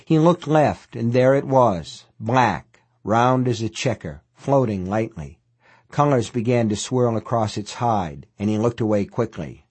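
A man narrates a horror story in a low, husky voice. His reading is dramatic, and in the uncanny moments it sinks to a hushed murmur. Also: animated, unhurried. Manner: dramatic, drops to a hushed murmur in eerie passages. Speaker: audiobook narrator. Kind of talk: scripted horror fiction reading.

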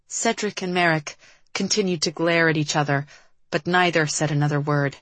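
A woman narrating a novel as an audiobook, in a steady storytelling manner. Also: low voice, moderate pace, dry recording. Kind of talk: scripted narration.

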